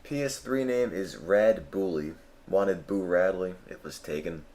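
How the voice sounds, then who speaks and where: A man's voice: low-pitched, a little slow, darkish tone. A man giving let's play commentary during a marathon stream, cracking dry, self-mocking jokes and rambling as he plays.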